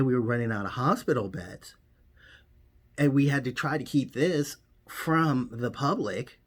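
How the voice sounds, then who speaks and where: Guy doing a deadpan comic monologue, rambly, mock-serious, mid pitch. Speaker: comedian doing a parody monologue.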